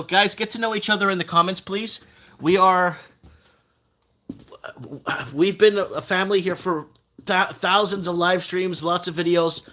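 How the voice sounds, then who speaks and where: Chatty older man, bright voice. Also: fairly high pitch. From Canada. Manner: rambling, reads out viewer comments, restarts often. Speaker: live stream host. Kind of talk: casual live stream chat.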